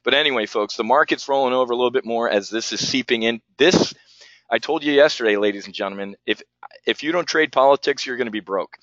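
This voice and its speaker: Man, heated ranting trading host, forceful bright voice, dull dry audio. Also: medium pitch, fast talker, dry recording. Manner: heated, ranting and repeating himself. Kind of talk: live market commentary.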